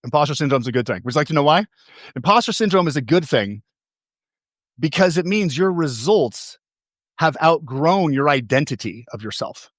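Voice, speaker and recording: A man's voice: mid-range voice, dry recording, clean studio sound. A man giving a motivational stage talk as a coach. He tells stories, asks the audience questions and repeats key phrases for emphasis.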